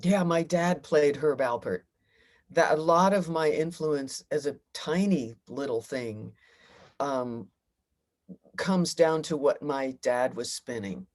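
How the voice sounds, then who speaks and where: A woman's voice: low voice, slow, a little mellow. A middle-aged woman, a singer-songwriter, talking reflectively in a casual interview.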